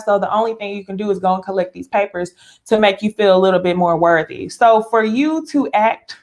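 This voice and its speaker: Woman, reality TV recap host, casual live chat, opinionated, laughs often, middle pitch. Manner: chatty and opinionated, frequent laughs, addresses viewers as y'all.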